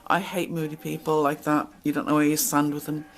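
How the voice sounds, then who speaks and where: A woman's voice: low voice, little pitch movement, fairly quick, poor audio. A middle-aged woman telling stories from her past in a casual, blunt monologue. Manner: chatty, blunt, acts out quoted exchanges. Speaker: channel host.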